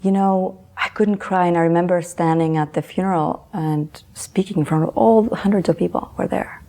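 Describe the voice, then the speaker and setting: Low, gravelly-voiced woman telling her story. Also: steady tone, moderate pace, dark tone. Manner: earnest, repeats words, frequent affirming yeses. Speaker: author and interview guest. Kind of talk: emotional personal storytelling.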